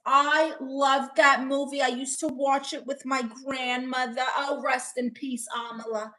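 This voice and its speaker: A woman's voice: sits high, flat delivery, measured pace, few pauses, bright, forceful tone. A woman live streamer reading viewer comments aloud and answering them with playful, self-mocking jokes.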